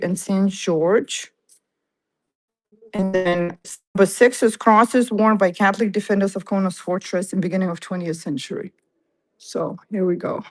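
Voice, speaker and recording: A woman's voice: mid-range voice, rough recording. A woman, out of breath, giving a casual livestream tour of a museum inside an old fort and reading exhibit labels aloud while she walks, talking into a handheld phone. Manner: chatty, reads exhibit labels aloud to viewers. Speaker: livestream host.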